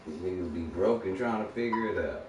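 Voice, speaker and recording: A very low-voiced man rants bluntly, swearing often and lecturing as if preaching. He sits well back from the mic in an echoey room. Faint ambient noise sits under him. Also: a little fast, far from the mic. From Texas. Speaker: livestream streamer. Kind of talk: casual profane rant.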